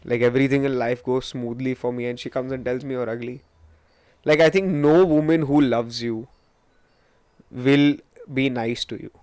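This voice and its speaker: A man in his twenties with an Indian English accent hosts a casual solo podcast, rambling through profane, self-mocking stories with Hindi asides. His voice is middle-pitched, darkish and clean. The recording is dry and close, with no room sound.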